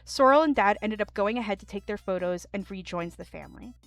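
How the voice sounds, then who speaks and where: A woman streamer reading online stories aloud, with animated commentary and laughing asides. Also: mid-range voice, fairly quick, no room sound.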